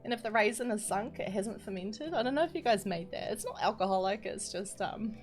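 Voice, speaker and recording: A woman's voice: mid-range voice, expressive, brisk, few pauses. A woman, streaming live, chatting and giggling as she reads out chat messages between explanations. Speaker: streamer teaching map building. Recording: background music under the voice.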